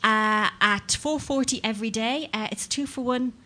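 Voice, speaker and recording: A woman's voice: a little high, normal speed, bright, forceful tone. A woman performing a stand-up comedy set, sardonic and mock-outraged, building into rants.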